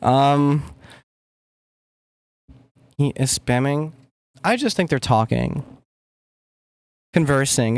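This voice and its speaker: A man's voice: medium pitch, darkish tone, no room sound. A young man chatting casually on a livestream while making music, rambling, mumbling and swearing as he works. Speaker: music producer streaming.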